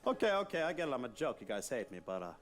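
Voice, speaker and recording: An actor playing a goofy, immature Darth Vader who is an over-eager joker, in a comic stage musical. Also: male voice, mid-range voice, very animated, rapid-fire, faint music behind, lightly acted. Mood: sheepish. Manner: jokey, over-eager, chummy.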